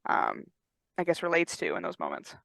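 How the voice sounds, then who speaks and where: Laid-back woman with a low voice. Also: wildly swooping pitch, moderate pace, creaky, fairly bright tone, no echo. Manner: reflective, laid-back, swears freely. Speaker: podcast co-host. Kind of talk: casual chat.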